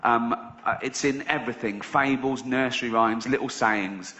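A man's voice: mid-range voice, fairly even intonation, normal speed, sharp tone. A man doing stand-up, telling a rambling, sweary story with sarcastic asides. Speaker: stand-up comedian. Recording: slightly dull live recording.

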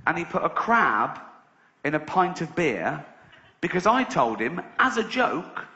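A man's voice: a little high, very animated, a little slow, bright, forceful tone. A middle-aged man from England doing a stand-up comedy routine, conversational and swearing freely, often laughing at his own jokes. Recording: echoey dull live venue recording.

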